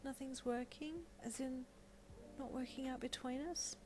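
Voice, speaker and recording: A woman voicing a tearful, emotional young woman who pleads in a high, strained voice in a fan fiction audio reading. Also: steady tone, a little slow, dark tone, slight background noise. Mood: anxious.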